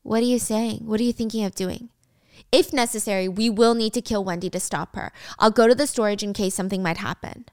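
A woman's voice: medium pitch, brisk, darkish tone, dry recording, clean studio sound, natural voice. Woman doing a blunt, hot-headed teen boy. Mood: urgent. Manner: blunt and urgent.

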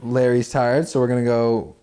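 A man's voice: medium pitch, little pitch movement, moderate pace, warm tone, smooth. A young man co-hosting a podcast, chatting casually in a sleepy, laid-back way and rambling with many fillers. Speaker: podcast co-host. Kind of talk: casual chat.

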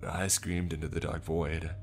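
Very deep-voiced male storyteller. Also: flat delivery, a little slow, creaky, faint music behind. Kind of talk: first-person story narration.

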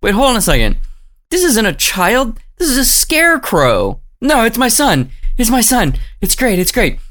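A woman voicing a frantic mother who insists that each strange found child is her missing son, in loud, escalating comic disbelief. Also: a little high, sing-song, moderate pace. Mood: frantic denial.

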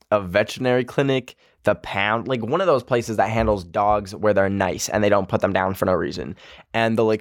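A young man with a lowish voice hosts a podcast, telling a story in a chatty, emotional way and saying "like" constantly. The audio is studio quality with no room sound.

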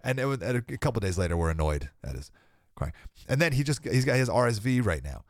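A young podcast host delivers an emphatic preaching monologue, very animated and fast, his pitch jumping high and dropping low as he hammers each point. He sounds slightly sick with a cold and laughs briefly between thoughts. The recording is close and dry, with no echo or room sound.

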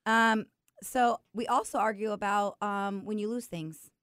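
A woman's voice: mid-range voice, fairly even intonation, unhurried, a bit bright, clean tone, dry recording, clean studio sound. A woman hosting a podcast in casual chat, telling stories and teasing her husband. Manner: chatty, teasing, storytelling. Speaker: podcast host.

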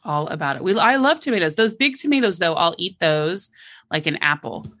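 Animated, laughing woman from Oklahoma. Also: lowish voice, brisk. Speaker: guest comedian. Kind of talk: casual chat.

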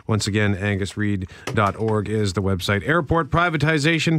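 A man hosts talk radio in an upbeat, brisk style, rolling from one segment into the next with teasers. His voice sits mid-range and sounds close and dry. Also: mid-range voice, a bit bright, no room sound. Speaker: radio host.

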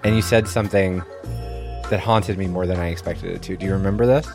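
A man's voice: sits low, fairly even intonation, quick pace, creaky, over music. A man in his forties hosting an explainer podcast, narrating in a wry, playful way. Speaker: podcast host.

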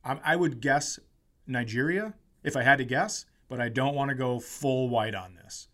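A man co-hosting a comedy podcast, telling a story in a casual, animated way and acting out the people in it. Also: medium pitch, normal speed. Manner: animated storyteller, acts out quotes, giggles. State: tired and hungover during the story.

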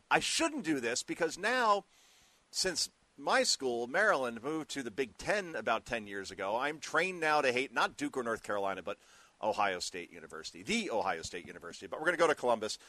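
A man's voice: mid-range voice, sharp tone, dry recording. A man guest hosting a talk radio show, riffing sarcastically and taking calls. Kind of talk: talk radio monologue and call-in.

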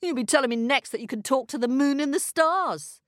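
A woman's voice: high-pitched, lively intonation, brisk, no echo, clean studio sound. A woman voicing a stern, doubting male hunter who growls his lines. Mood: gruff. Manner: growling, skeptical.

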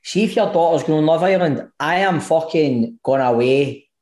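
A Scottish man co-hosting a football podcast in casual chat, teasing and animated, swearing often. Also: on the high side, normal speed. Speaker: podcast co-host.

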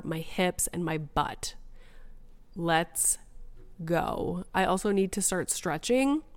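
Chatty woman podcaster, smooth voice. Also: lowish voice. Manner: chatty and animated, acts out quoted dialogue with frequent "like". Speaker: podcast host. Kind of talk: solo podcast storytelling.

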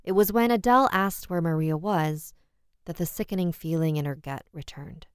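A woman narrating a horror story in a measured, steady way. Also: on the low side, smooth, dry recording, clean studio sound.

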